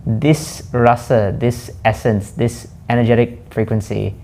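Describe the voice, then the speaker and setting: A man hosting a reflective spoken monologue, slowly musing and asking himself questions aloud. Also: medium pitch, flat delivery, creaky, warm tone. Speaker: host.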